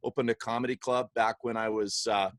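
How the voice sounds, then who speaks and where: A young Canadian man telling stories as a podcast guest, energetic and acting out quoted voices. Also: medium pitch, brisk, no room sound. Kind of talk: animated storytelling.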